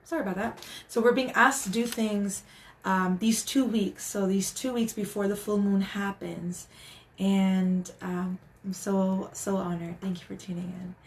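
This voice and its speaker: A woman's voice: medium pitch, steady tone, unhurried, slight background noise. A woman hosting a casual live stream as a spiritual guide, talking in an earnest, encouraging way with many restarts.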